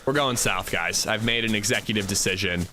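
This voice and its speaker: A young man chatting casually on a gaming livestream, rambling and animated as he reads chat while playing. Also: on the low side, brisk, background noise.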